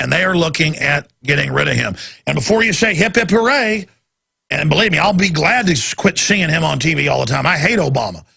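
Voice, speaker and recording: A man's voice: a little high, pushed and bright. A male radio talk show host delivering a heated, sarcastic political rant. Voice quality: gravelly, raspy.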